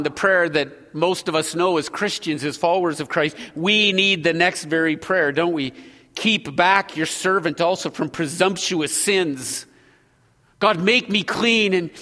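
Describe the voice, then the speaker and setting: A man preaching a sermon as pastor, earnest, moving between loud exhortation and hushed prayer. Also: high-pitched, normal speed, big-room sound.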